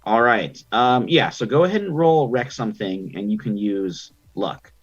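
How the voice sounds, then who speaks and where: A man's voice: on the low side, animated, moderate pace, lo-fi sound, soft background music. A man narrating a tabletop game as game master, chatty and loose, with many ums and likes.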